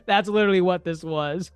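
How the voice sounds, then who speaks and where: A co-host in a casual movie review chat, speaking in a relaxed way with hesitant fillers and bits of laughter between words. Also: mid-range voice, moderate pace, clean tone, no echo, faint music behind. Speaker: podcast co-host.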